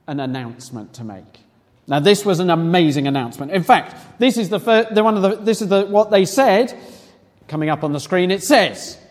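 A man leading a family church service, rousing the children to join in with fanfares and cheers. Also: sits high. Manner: lively, rousing a crowd of children. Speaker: church leader. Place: large hall or church. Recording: echoey hall.

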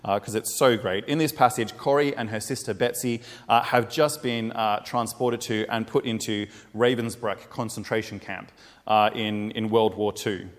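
A man's voice: fairly low pitch, steady tone, normal speed. Earnest male preacher in an echoing hall. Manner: earnest, plain-spoken, with small fillers. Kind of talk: sermon. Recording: reverberant hall.

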